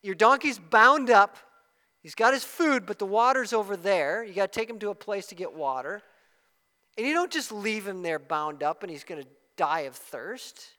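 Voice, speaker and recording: A man preaching a sermon as pastor, swinging from soft asides to loud, emphatic exclamations. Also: sits high, very animated, moderate pace, long reverb tail.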